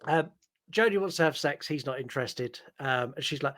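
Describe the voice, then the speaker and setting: A man's voice: fairly high pitch, expressive, normal speed, fairly bright tone. A man co-hosting a podcast, chatting casually and rambling through a film recap with many "like"s and "um"s. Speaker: podcast co-host.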